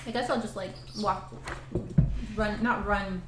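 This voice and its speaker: A woman playing a tabletop game, musing out loud with hesitant pauses as she decides what to do. Her voice comes through an echoey room under loud background noise. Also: medium pitch, steady tone. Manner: hesitant, thinking aloud. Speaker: player.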